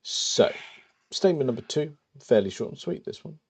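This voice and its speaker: As a podcast co-host in a casual chat, a man reads out quiz statements in a dry, hesitant way with frequent ums. His fairly high voice is expressive and gravelly, his pace moderate, and a little hiss or hum sits in the background.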